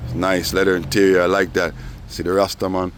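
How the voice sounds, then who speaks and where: Rambling low-voiced man outdoors. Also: level tone, fairly quick. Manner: rambling, sprinkled with "you know". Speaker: vlogger. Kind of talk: casual vlog monologue. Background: faint traffic noise.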